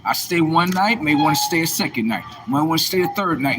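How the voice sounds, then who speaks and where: A man's voice: on the high side, expressive, fairly quick, few pauses, background noise. Combative man streaming a preachy rant. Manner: preachy, combative, rhetorical questions. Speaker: livestream host. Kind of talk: casual livestream monologue.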